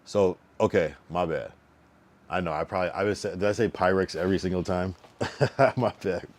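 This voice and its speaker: A young man with a deep, low voice talks casually to his stream chat. He rambles a little, uses plenty of fillers, and repeats a word many times while testing how to say it. A faint room hum sits underneath. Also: normal speed. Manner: repeats a word over and over to get the pronunciation right. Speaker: livestreamer.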